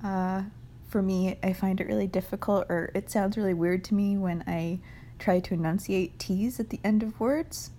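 A woman's voice: mid-range voice, steady tone, normal speed, slight background noise. A young woman with a New England accent, chatting casually through an accent challenge with many fillers and light laughs. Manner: chatty, hesitant, with frequent fillers and soft laughs. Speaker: vlogger answering an accent challenge. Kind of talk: casual chat.

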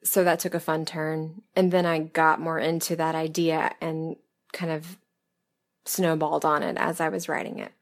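Here a low-voiced woman from the American South, slightly hoarse since her voice is going, answers listener questions in a casual interview-style monologue at normal speed. Though her delivery is flat, she's chatty and candid, laughing softly and teasing herself. She's an audio script writer and performer.

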